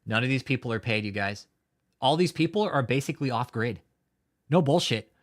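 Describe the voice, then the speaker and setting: A man's voice: medium pitch, animated, brisk. A man hosting a live stream, talking in a heated, profane rant and often swearing. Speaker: livestream host. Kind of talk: angry live-stream commentary.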